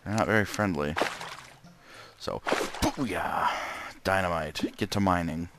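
A man's voice: low voice, slow pace, gravelly, heavy background noise. A man casually commenting on his own gameplay, muttering to himself and breaking into frustrated outbursts. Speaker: let's play gamer. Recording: gameplay with loud game music behind.

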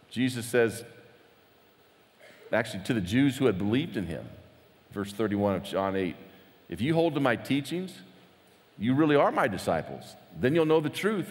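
Animated man preaching in a reverberant hall. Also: mid-range voice. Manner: animated, conversational preaching with acted-out quotes. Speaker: pastor. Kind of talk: sermon.

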